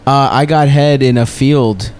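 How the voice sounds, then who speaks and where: A man's voice: medium pitch, steady tone, measured pace, a little mellow, clear, resonant tone. A man co-hosting a comedy podcast, telling crude stories casually and laughing often. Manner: crude, giggly storytelling. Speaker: podcast co-host.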